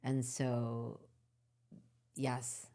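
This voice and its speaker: A woman's voice: rumbling low, level tone, very slow, dark tone. A woman hosting a podcast, talking in a reflective, earnest way and speaking straight to her listeners. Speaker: podcast host and course creator. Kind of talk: casual podcast conversation.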